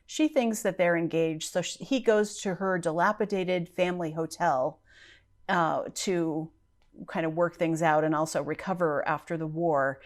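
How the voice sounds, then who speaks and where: A woman chatting casually to camera as a book vlogger, thinking aloud as she answers each prompt. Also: on the low side. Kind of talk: casual chat.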